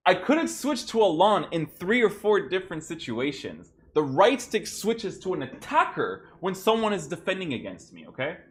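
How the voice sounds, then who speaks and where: A man's voice: high voice, sing-song, moderate pace, few pauses, fairly bright tone. A man commentating his own gameplay clips, exasperated and ranting, often checking in with "right?". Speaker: gaming YouTuber reviewing his own clips. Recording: echoey room.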